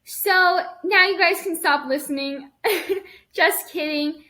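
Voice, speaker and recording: Young woman podcast host; bright, high voice; casual teasing chat. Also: slow. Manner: chatty, teasing.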